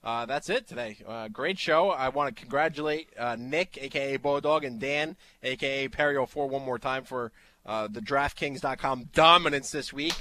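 Bright-voiced male sports radio host. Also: medium pitch, moderate pace, no echo. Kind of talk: casual sports radio talk.

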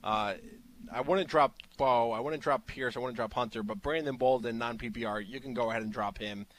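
A man's voice: medium pitch, moderate pace, a bit bright. A man co-hosting a fantasy football radio show, chatting in an easygoing way and giving advice. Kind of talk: casual sports radio talk.

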